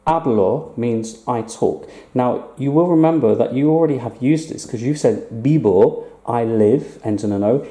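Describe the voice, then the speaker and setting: Chatty teacher with mellow tone. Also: male voice, mid-range voice, normal speed, hardly any pauses, roomy sound. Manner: chatty, playful teacher, asks rhetorical questions. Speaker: Spanish teacher. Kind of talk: recorded online language lesson.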